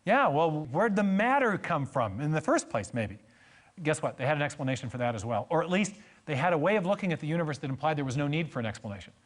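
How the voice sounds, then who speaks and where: A man's voice: a little high, animated, quick pace. A man giving a church lecture on science and faith, telling stories with emphatic repetition and joking asides.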